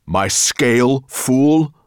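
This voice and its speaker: A man's voice: lowish voice, wildly swooping pitch, slow pace, gravelly, a little mellow, no room sound, studio quality, pitched above the performer's own voice, full character voice. A man voicing a huge, menacing male dragon who growls and snarls his demands in a storybook reading. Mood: furious.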